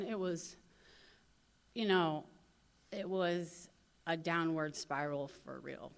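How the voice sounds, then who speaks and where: A woman's voice: fairly low pitch, clear, resonant tone. Candid St. woman telling her story. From St. Louis, USA. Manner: candid, animated storytelling with frequent "you know". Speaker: recovery convention speaker. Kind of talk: personal recovery testimony.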